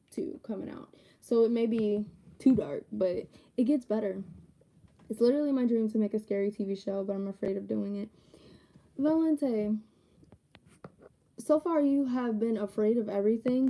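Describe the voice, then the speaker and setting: A woman's voice: medium pitch, mellow. A chatty woman giving a live-stream tarot reading, laughing often and talking straight to her viewers. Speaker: psychic tarot reader.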